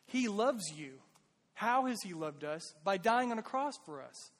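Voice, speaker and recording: A man's voice: high-pitched, expressive, a little slow, big-room sound. A man preaching a sermon as pastor, earnest and conversational, pleading with his listeners.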